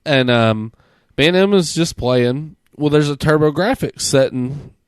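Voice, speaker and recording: A man hosting a podcast, telling a story in a casual, profane, animated way and mimicking the people he quotes. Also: a little high, measured pace, clear, resonant tone, no echo, clean studio sound. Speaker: podcast host.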